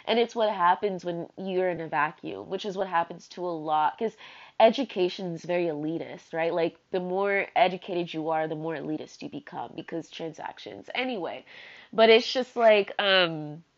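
A woman's voice: fairly low pitch, normal speed. A young adult woman giving a candid personal monologue, rambling and slangy, with plenty of swearing and fillers. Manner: rambling, slangy and profane, heavy on "like". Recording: slightly muffled lo-fi recording.

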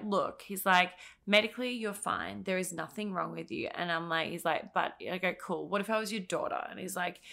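A woman telling her story as a podcast guest, animated and swearing freely as she acts out what others said. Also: lowish voice, vocal fry.

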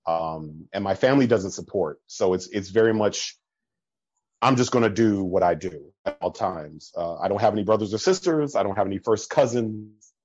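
A man with a low voice talks casually as a podcast guest, and the audio is a little dull. He tells his stories in bursts, with plenty of fillers and restarts. His laugh comes often, and he jumps higher in pitch whenever he acts out what someone else said. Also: normal speed, slightly rough, no echo. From American Midwest. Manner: animated storyteller, swings up in pitch when quoting people. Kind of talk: casual chat.

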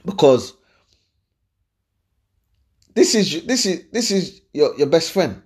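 A young man gives blunt, animated relationship advice in a casual, slangy way, repeating his points. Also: a little high, takes it slowly. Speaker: advice-giving host.

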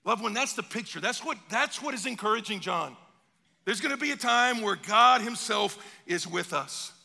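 A male pastor preaching a sermon in an animated way, acting out little dialogues. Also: high voice, moderate pace, gravelly, big-room sound.

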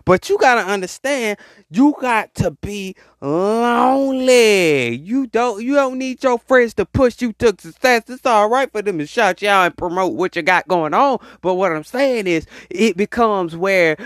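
A speaker giving a rambling, slangy spiritual pep talk in a voice message, preaching with animated emphasis. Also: mid-range voice, normal speed, no room sound, clean studio sound. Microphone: voice message recording.

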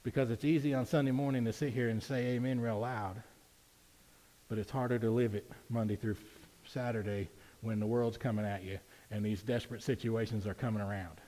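A man preaches a sermon in a reverberant church hall, his voice fairly low and dark, brisk, with fairly even intonation. His preaching is conversational and chatty at times, rising to emphatic peaks at others.

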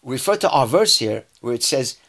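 A man's voice: medium pitch, sing-song, moderate pace, a bit bright. A man giving a verse-by-verse scripture lesson. He reads Hebrew verses aloud and then explains them in English, often restarting his sentences. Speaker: Bible teacher.

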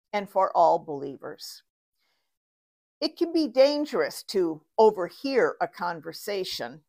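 Slow, measured woman preacher. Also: a little high. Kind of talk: sermon with scripture reading.

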